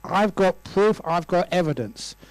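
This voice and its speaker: A man's voice: high-pitched, expressive, a little slow, a little mellow, clear, resonant tone, no echo, low-quality recording. A man in his sixties, a Buddhist monk, giving a humorous dharma talk and telling stories with playful voices. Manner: storytelling with playful voices and laughs. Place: lecture room.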